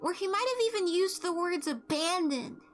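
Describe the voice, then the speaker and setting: A young woman with a strikingly high voice chats casually while streaming a game. She tells her stories bluntly and swears freely, and soft game music plays quietly behind her. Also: expressive, moderate pace. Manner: blunt, profane storytelling.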